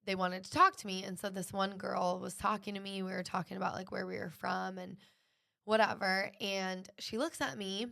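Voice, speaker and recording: A woman's voice: mid-range voice, little pitch movement, moderate pace, creaky, pushed and bright. A young woman hosting a podcast, telling a personal story in a casual, earnest way with lots of "like". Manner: earnest, fills speech with "like". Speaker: podcast host.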